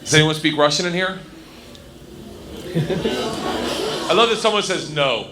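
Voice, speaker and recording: A boisterous male stand-up comic tells a rowdy story on stage, his voice sitting fairly high and swinging widely in pitch. The live recording carries a clear layer of noise. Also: expressive, slow. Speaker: stand-up comedian. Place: stage in front of an audience.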